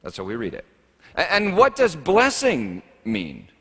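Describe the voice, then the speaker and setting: A man's voice: on the high side, wildly swooping pitch, a little slow, a bit bright. A man preaching a sermon as a pastor, talking in a wry, conversational and humorous way. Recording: echoey hall reverb.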